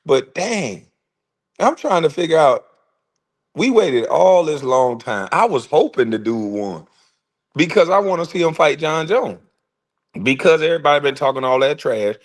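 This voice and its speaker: Casual livestream host, forties man, mid-pitched, slangy and animated. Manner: animated, slangy storytelling with laughs.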